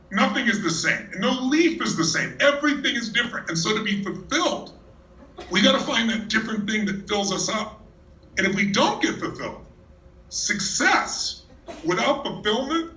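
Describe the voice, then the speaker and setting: A man speaks from the stage in a large hall, his voice ringing with reverb and heard from some distance. His delivery is energetic and emphatic, the manner of a motivational speaker holding a crowd. The tone is bright and forceful, set fairly high. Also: moderate pace. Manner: energetic storyteller, teasing and emphatic. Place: large hall with a live audience. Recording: echoey hall from far off.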